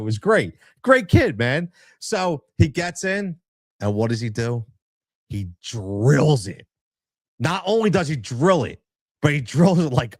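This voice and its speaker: A man's voice: a little high, dry recording, clean studio sound. A man hosting a podcast, telling a story in a casual, emotional way and often tossing in "man" and "right?". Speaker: podcast host.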